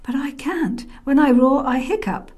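A woman's voice: sits high, expressive, unhurried, dark tone, pitched above the performer's own voice. A woman voicing a fed-up male zoo lion with hiccups in a children's story, sounding sorry for himself. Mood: glum.

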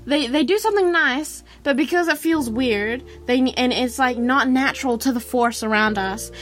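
A young woman from New Zealand talking casually on her radio show, rambling and animated, full of fillers and acted-out quotes. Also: high-pitched, normal speed, hardly any pauses, faint music behind. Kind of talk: casual solo radio talk. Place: radio studio.

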